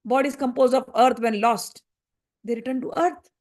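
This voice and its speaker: Female teacher, high pitch, spoken commentary, repeats phrases and presses rhetorical questions. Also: fairly even intonation, normal speed, darkish tone. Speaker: scripture teacher. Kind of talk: spoken commentary on a spiritual text.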